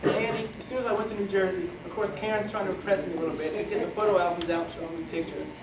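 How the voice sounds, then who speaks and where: A middle-aged man giving a rambling, joking wedding toast, halting often with fillers as he loses his thread. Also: high-pitched, steady tone, noisy background. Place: wedding reception hall. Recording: echoey hall from far off, crowd chatter.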